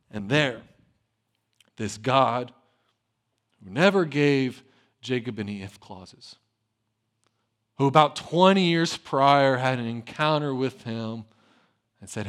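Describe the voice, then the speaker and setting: A male pastor preaching a sermon with animated delivery, swinging between loud emphasis and hushed asides, and telling the story with conversational humor. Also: medium pitch, slow, pauses often. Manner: acts out biblical dialogue with conversational humor.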